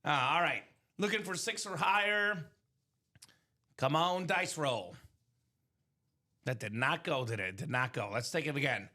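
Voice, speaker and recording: A man hosting a live sports memorabilia break stream from a studio break room, talking in upbeat, energetic sales banter with quick asides. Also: fairly high pitch.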